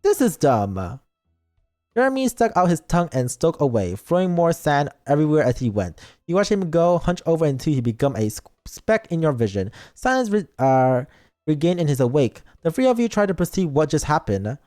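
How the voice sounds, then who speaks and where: A man's voice: fairly high pitch, big pitch swings, moderate pace, warm tone, faint music behind. A man streaming as a VTuber, reading a story game aloud and breaking off for teasing asides to chat. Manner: playful, reads lines aloud and reacts with teasing asides.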